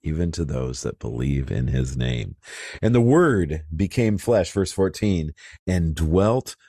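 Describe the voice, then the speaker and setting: A man giving an informal, conversational Bible teaching as a pastor, with many fillers and bursts of excitement. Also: deep voice, slow, vocal fry, no room sound.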